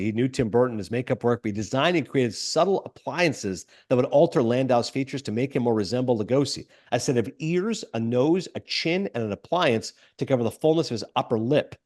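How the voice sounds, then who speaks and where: A man hosts a film podcast in an easygoing, enthusiastic way, mixing read-out trivia with his own quick remarks. His voice sits at an ordinary middle pitch for a man. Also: a little mellow. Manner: enthusiastic, reads trivia aloud with asides. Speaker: podcast host. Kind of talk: casual film podcast chat.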